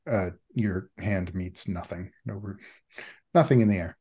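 A man narrating a tabletop role-playing game as game master, in a measured, deliberate way. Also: deep voice, warm tone, husky.

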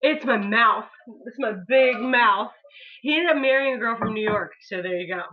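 A woman's voice: fairly high pitch, normal speed, a little hiss or hum. A woman co-hosting a casual podcast chat, brash and profane, laughing often and a little tipsy. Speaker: podcast co-host. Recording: slightly dull lo-fi recording.

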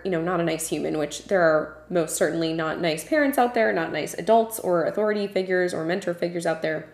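A woman's voice: on the low side, brisk, hardly any pauses. A woman hosting her own podcast, talking alone in an earnest, passionate way with frequent ums and uhs. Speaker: podcast host. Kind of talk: solo podcast talk. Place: home room with a puppy nearby. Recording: roomy echo.

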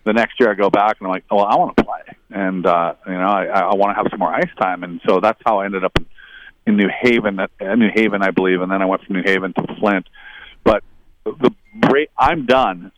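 A man's voice: fairly quick, slight background noise, low-quality recording. A middle-aged man, a former hockey player, telling long casual anecdotes, rambling and quoting others. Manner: rambling anecdotal, quotes others in higher voices. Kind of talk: casual storytelling.

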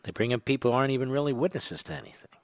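A man's voice: mid-range voice, fairly even intonation, very fast, no echo. An older man hosting a political talk radio show, delivering a combative, sarcastic monologue that swells to emphatic peaks. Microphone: studio microphone.

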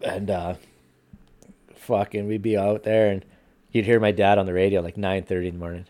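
Man, fairly low voice, casual podcast storytelling, heavy swearing, animated. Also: moderate pace.

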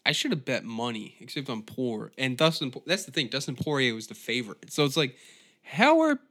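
A man hosting a solo podcast, ranting at a steady middle pitch. He swears constantly and rambles, sounding exasperated as he talks himself in circles. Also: a little fast. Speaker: podcast host. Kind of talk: solo comedic rant.

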